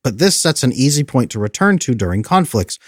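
A man coaching viewers on friendship in an emphatic, lively way, often acting out the lines he quotes. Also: medium pitch, brisk, no room sound, clean studio sound. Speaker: attachment coach. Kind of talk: motivational talk to viewers.

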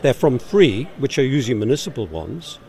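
A man's voice: medium pitch, very animated, fairly quick, darkish tone. A Geordie man, director of a campaign group, answering interview questions in a matter-of-fact way and explaining with figures, recorded outdoors.

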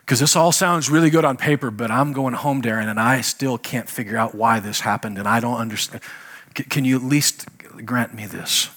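A middle-aged male pastor with a husky, slightly breathy voice delivers a sermon in a chatty, personal way. He rises into loud, emphatic bursts, then drops to quiet, low statements. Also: normal speed. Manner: conversational, swings between loud emphatic bursts and hushed low lines.

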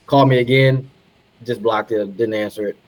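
A man's voice: fairly low pitch, fairly even intonation, moderate pace, poor audio. Laid-back man telling a story. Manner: laid-back, laughs often, repeats phrases for emphasis. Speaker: podcast guest, retired pro soccer player. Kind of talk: casual storytelling.

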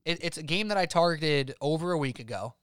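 A man's voice: a little high, lively intonation, a bit bright, clear, resonant tone, dry recording, studio quality. A man co-hosting a sports betting podcast, rattling off emphatic opinions in casual chat. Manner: emphatic, rapid-fire opinions.

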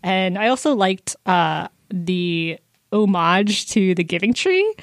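A woman's voice: mid-range voice, big pitch swings, slow pace, dry recording. Twenties woman rambling about a book, fillers everywhere, dry close mic. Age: 20s. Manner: chatty, many fillers, quotes people in voices. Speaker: book discussion co-host. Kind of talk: casual book chat.

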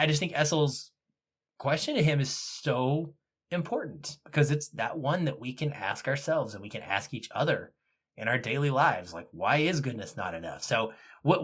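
A man's voice: mid-range voice, a bit bright, breathy edge. A man co-hosting a podcast, talking through a film in a rambling way and searching for his words. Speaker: podcast co-host. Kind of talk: casual film discussion.

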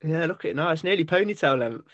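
A man's voice: on the high side, expressive, quick pace, a bit bright, dull audio. A man hosting a radio chat, chirpy and chatty. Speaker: radio host. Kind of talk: casual chat.

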